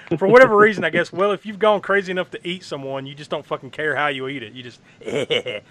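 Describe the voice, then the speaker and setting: A man in casual podcast chat, excitedly recapping a horror film, swearing freely, laughing often and acting out lines. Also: sits high, rapid-fire, slight background noise.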